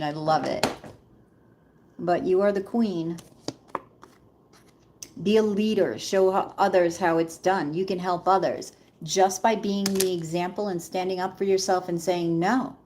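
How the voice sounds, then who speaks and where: Chatty tarot-reading woman, low voice. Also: steady tone, unhurried, darkish tone, slight background noise. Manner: chatty, addresses viewers as Queen. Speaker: tarot reader. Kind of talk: live tarot reading to viewers.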